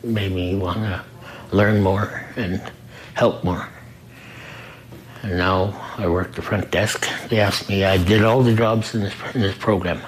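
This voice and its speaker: A man who works the front desk at a recovery program, telling his own story in an earnest, halting way and often repeating himself. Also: low-pitched, fairly even intonation, a little hiss or hum, low-quality recording. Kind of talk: personal testimony in an interview.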